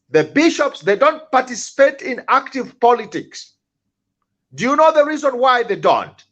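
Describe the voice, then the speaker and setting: A man's voice: extremely high pitch, fairly bright tone. A man speaking as a talk-show panelist, angry and impassioned, often repeating words and restarting. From Zambia.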